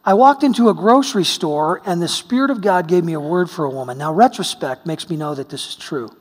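Man, preacher, sermon, husky voice, long hall reverb. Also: sits high, fairly quick. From United States. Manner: storytelling, swings between hushed and exclaiming.

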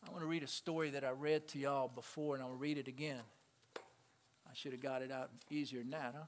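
A male pastor preaching a sermon to his congregation, swinging between loud, emphatic peaks and quiet asides and calling out to the people in the pews. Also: medium pitch, little pitch movement, brisk. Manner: calls out to the congregation. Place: church sanctuary. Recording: long reverb of a large hall.

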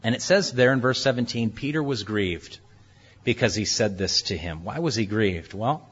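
A man's voice: animated, normal speed, a bit bright, slightly rough, highs cut off. A man preaching a sermon, explaining scripture and acting out the quoted speakers in a shifting voice. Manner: expository, acts out the quoted speakers with shifting pitch and volume. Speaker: pastor.

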